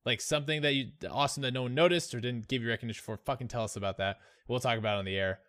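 A man's voice: medium pitch, rapid-fire, fairly bright tone. A man co-hosting a podcast, bantering casually and swearing freely in joking chat. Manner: profane, jokey banter. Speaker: podcast co-host.

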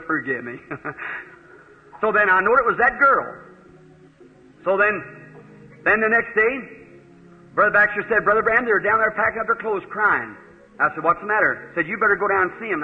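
A man preaching a sermon, telling a folksy story with quoted dialogue. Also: sits high. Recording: old hall recording, phone-like narrow sound.

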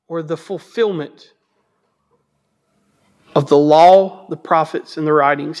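Male preacher, high voice, casual jokey delivery, repeats key points for emphasis. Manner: conversational and joking; emphatic repetition. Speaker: Bible teacher. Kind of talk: Bible teaching sermon.

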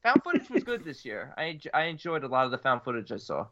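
Lively bright-voiced man. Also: mid-range voice, quick pace. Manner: animated, teasing. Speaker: podcast co-host. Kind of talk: casual chat. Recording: muffled lo-fi audio.

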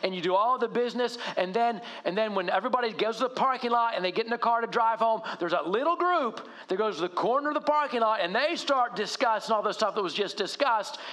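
A middle-aged male pastor preaching in a conversational, animated way, often asking rhetorical questions. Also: high-pitched, fast talker, few pauses. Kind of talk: sermon.

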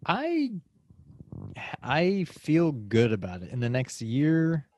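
A man's voice: fairly high pitch, huge pitch swings, slow pace, a little mellow. A man co-hosting a casual gaming podcast, talking in a hesitant, hedging way. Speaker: podcast co-host.

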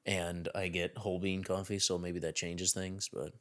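A man co-hosting a podcast, chatting in a relaxed, matter-of-fact way. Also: sits low, a little slow. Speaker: podcast co-host. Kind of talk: casual podcast chat.

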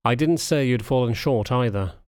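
A man's voice: medium pitch, darkish tone, clean tone, no room sound, studio quality, lightly acted. A man voicing an aloof old male spaniel lord who speaks curtly and dismissively, in an audiobook reading. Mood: cold, dismissive. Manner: curt, dismissive, unhurried.

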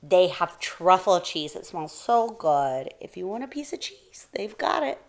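A woman voicing a tiny, excitable female mouse with a squeaky, eager way of talking. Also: a little slow. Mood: dreamy. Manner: squeaky, breathless, pleading.

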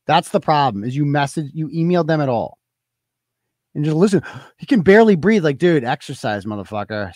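A man's voice: a little high, no room sound. Furious, profane man ranting into a dry mic. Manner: furious, profane, shouting bursts. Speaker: podcast host. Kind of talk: angry political rant.

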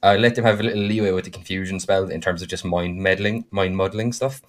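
On a podcast, a co-host who served as game master narrates how his game played out. His delivery is lively and casual, packed with fillers and punctuated by sudden jumps up in pitch.

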